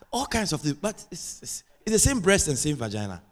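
A man preaching a sermon as pastor, chatting with the congregation and building to loud sing-song preaching. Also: a little high, big pitch swings, a little fast, hardly any pauses. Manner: asks the congregation for responses.

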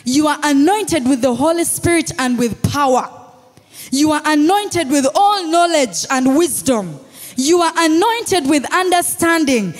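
A high-pitched woman with a Ugandan English accent preaches in a big church hall, her voice trailing off into a long reverb. She talks slowly and deliberately, rising into shouted declarations and calling for responses from the congregation. Soft music plays underneath. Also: lively intonation. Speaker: pastor. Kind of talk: sermon.

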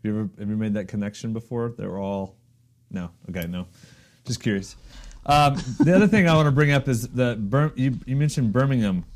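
A man's voice: medium pitch, animated, a little fast. Upbeat American man hosting a podcast. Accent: American English. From United States. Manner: upbeat, playful, teasing. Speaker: podcast host. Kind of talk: casual business podcast chat.

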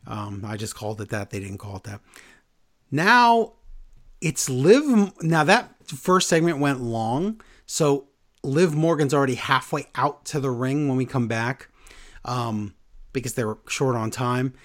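A man casually recapping wrestling with animated storytelling, slipping into quick quoted voices. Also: medium pitch.

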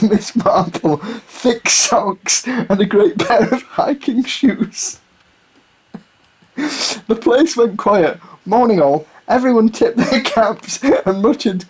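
A man's voice: high-pitched, a little mellow, husky. A man reading a listener's story aloud on a comedy podcast, laughing at it as he goes. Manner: giggly, keeps breaking into laughter.

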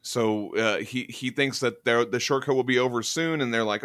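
A man with a lowish voice recaps a story for his podcast in a loose, chatty way, full of "like" and side remarks. The sound is dry and close, with no room echo. He talks like someone sharing a book he enjoys. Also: fairly even intonation, a little fast, few pauses, fairly bright tone, smooth. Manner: chatty recapping with many filler likes. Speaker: podcast host. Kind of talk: casual book-club discussion.

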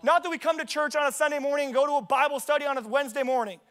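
A man's voice: extremely high pitch, steady tone, very fast, a bit bright. A young man preaching a sermon in a casual, joking way, telling stories from his own life at a church service. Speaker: pastor. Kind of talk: sermon with personal storytelling.

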